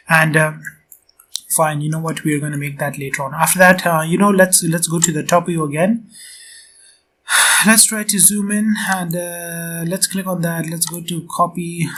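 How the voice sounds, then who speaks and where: Male tutorial instructor, slightly high voice, loose and chatty with many fillers, faint noise and mouse clicks behind. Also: a bit bright. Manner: chatty, filler-heavy, addresses viewers as guys. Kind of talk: casual screen-recorded tutorial.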